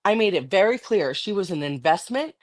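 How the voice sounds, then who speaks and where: A woman's voice: mid-range voice, expressive, fairly quick, darkish tone. A middle-aged woman on a livestream, ranting angrily and defiantly with constant swearing. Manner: angry, defiant, profane. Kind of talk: heated livestream rant.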